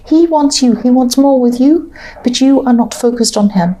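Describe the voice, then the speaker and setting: Mellow-voiced woman giving a rambling tarot reading. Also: sits high, normal speed. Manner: rambling, hesitant with many fillers, thinking aloud. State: has the hiccups. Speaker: tarot reader. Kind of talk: casual tarot reading to camera.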